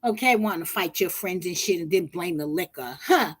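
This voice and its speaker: A woman's voice: on the low side, animated, moderate pace, breathy edge, no echo. A woman hosting, casual and profane, giving blunt advice. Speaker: podcast host. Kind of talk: casual commentary.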